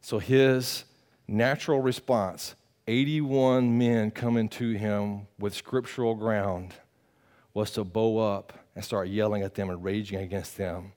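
Speaking at a measured pace in a fairly low voice, a pastor preaches in a lively, conversational style. He teases his congregation and swings between loud outbursts and soft, sincere moments.

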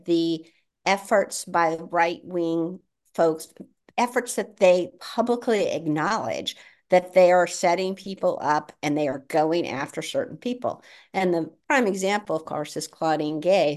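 A woman guest on a podcast who works in education policy, explaining her views in a measured way. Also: low-pitched, a little mellow. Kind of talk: casual podcast conversation.

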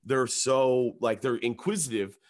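A young Canadian comedian, guesting on a podcast, tells a long comic story in an animated way, swearing freely. He acts out his own lines and other people's in a raised voice, though his voice is medium-pitched and unhurried.

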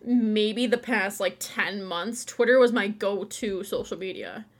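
A woman's voice: medium pitch, measured pace. Chatty, rambling woman podcast co-host. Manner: chatty, rambling, laughs a lot. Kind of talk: casual chat. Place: home.

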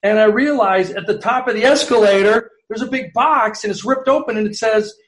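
A middle-aged man, a guest sports columnist, telling animated, rambling anecdotes in casual chat, full of restarts. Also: high voice, brisk, reverberant.

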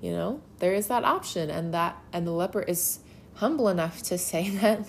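A woman's voice: on the low side, expressive, brisk, gravelly, slight background noise. A woman giving a casual Bible lesson. She talks in a conversational, emphatic way and leans on filler words. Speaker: Bible teacher.

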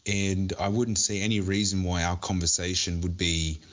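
A man co-hosts a casual podcast chat in a very low voice. He jokes around and often restarts his sentences. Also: little pitch movement, normal speed, fairly bright tone. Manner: joking, restarts often, laughs at own jokes. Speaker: podcast co-host.

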